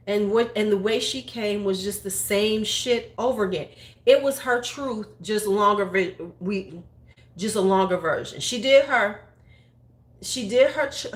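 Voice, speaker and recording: Woman, forties, blunt, profane, rambling opinion chat, echoey room. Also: medium pitch. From United States. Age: 40s. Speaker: beauty YouTuber. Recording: roomy echo.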